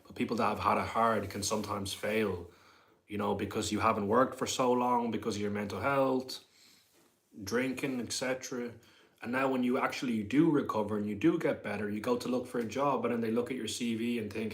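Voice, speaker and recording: Low-voiced young man chatting on a livestream. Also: steady tone, fairly quick. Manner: rambling, reads viewer comments aloud and answers them. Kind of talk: casual livestream chat, reading comments.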